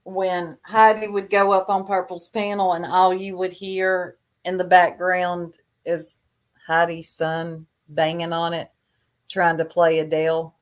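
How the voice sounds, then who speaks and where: A woman's voice: lowish voice, level tone, unhurried. A woman in casual livestream chat, gossiping in a chatty, catty, drawling way.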